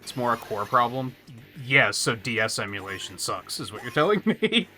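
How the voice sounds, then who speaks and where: A man's voice: mid-range voice, very animated, normal speed, sharp tone, soft background music. A man streaming a video game, chatting casually in a rambling way, with restarts and casual swearing. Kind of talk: casual let's-play commentary.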